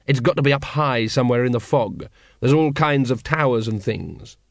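A man's voice: mid-range voice, normal speed, gravelly, no room sound, lightly acted. A man reading an audiobook, voicing a weary, blunt middle-aged watch captain with a terse, dry manner. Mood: grim.

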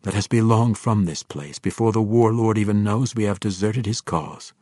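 Low, conspiratorial dark elf plotter giving orders, as a male narrator plays him. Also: normal speed, dry recording, clean studio sound, close to an everyday voice. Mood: scheming.

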